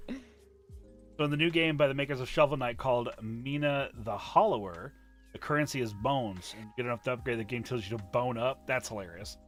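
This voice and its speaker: A man from the US Midwest hosts a laid-back stream with a bright, forceful voice, cracking jokes and swearing freely. Faint music plays underneath. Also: medium pitch, fairly quick. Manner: joking, profane, laughs often. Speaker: streamer host. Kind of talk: casual stream chat.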